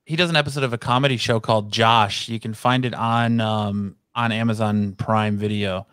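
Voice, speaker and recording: A man's voice: on the low side, steady tone, normal speed, fairly bright tone, smooth, dry recording. A man on a podcast animatedly retelling favorite film moments in a casual chat. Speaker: podcast guest.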